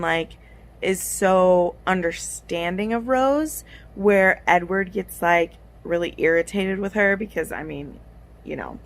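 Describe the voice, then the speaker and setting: A young woman vlogging about a book she is reading, chatty and gushing, with many fillers. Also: fairly low pitch. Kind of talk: casual reading vlog.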